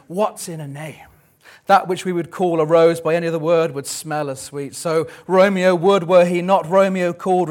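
Lovestruck young juliet on her balcony, guy reciting her, theatrical verse, a bit high. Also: close to an everyday voice.

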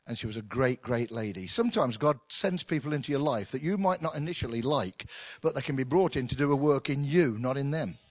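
A middle-aged man preaching a sermon in an animated, conversational way with touches of humour. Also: medium pitch, brisk, hardly any pauses, dry recording. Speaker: pastor.

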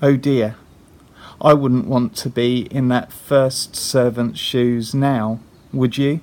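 A man's voice: mid-range voice, steady tone, slow, darkish tone. A man preaching a sermon, retelling a parable earnestly and putting rhetorical questions to his listeners.

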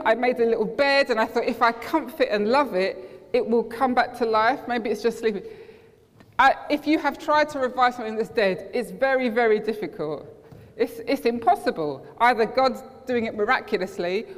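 Earnest woman preaching in a hall. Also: on the high side. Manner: personal storytelling, earnest, acts out quoted friends. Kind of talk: sermon. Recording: reverberant hall.

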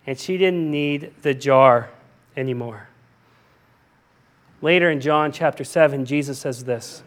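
A male pastor preaching a sermon, animated and emphatic, often repeating himself as he explains scripture. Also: mid-range voice, unhurried.

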